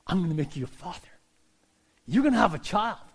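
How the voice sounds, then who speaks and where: A man voicing a reassuring male heavenly messenger, calm and emphatic in turn. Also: sits high, fairly quick, slightly rough, heavily acted.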